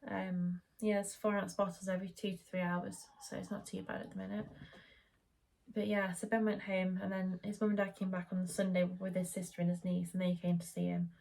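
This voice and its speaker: A woman's voice: fairly low pitch, brisk, creaky. A young woman chatting casually at home, telling the story of her labour and birth. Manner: chatty, animated retelling, quoting the midwife in raised voice. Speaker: vlogger.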